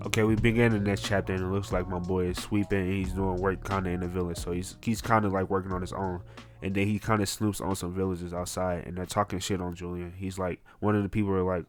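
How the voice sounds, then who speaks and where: A man recapping a manga chapter in casual, excitable, profane slang. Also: sits low, quick pace, faint music behind. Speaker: manga reviewer.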